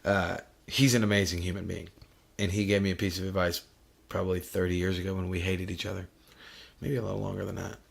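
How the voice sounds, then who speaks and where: A man's voice: low voice, level tone, fast, creaky. A middle-aged man hosting a podcast, talking bluntly and profanely in casual chat. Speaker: podcast host.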